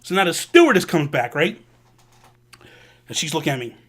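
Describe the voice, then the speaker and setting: A man hosting a vlog, telling a personal story in an animated, casual way with slang. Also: fairly high pitch, normal speed, noisy background. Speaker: vlog host. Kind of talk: storytelling to camera.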